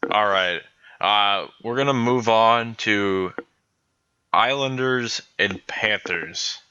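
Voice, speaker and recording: Male podcast co-host, excitable and profane, bright crisp voice, dry lo-fi call sound. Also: lowish voice, slow pace, dry recording. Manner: excitable, swears freely. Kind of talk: casual hockey chat.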